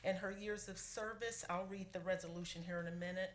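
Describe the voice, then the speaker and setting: A woman serving as city clerk gives a heartfelt, halting tribute at a council meeting, pausing often and fighting back tears. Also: on the low side, fairly even intonation. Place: council chamber. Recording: echoey chamber with faint room noise.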